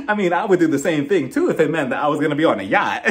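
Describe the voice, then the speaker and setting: A man's voice: on the high side, sing-song, moderate pace, long pauses. A man giving a casual, gossipy reality-show recap and laughing at his own jokes. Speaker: reality TV reviewer.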